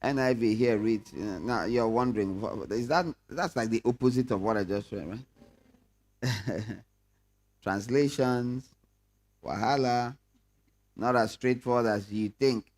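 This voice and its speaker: A man's voice: medium pitch, measured pace, long pauses, darkish tone. A man leading a prayer meeting Bible study, talking conversationally and asking the room questions. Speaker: pastor.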